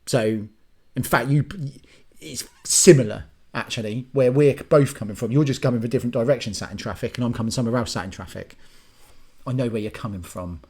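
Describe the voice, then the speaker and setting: A man's voice: medium pitch, a little fast, mellow, breathy edge. A man, rambling through a sarcastic, casual comic rant to camera and swearing freely. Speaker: YouTube ranter and host.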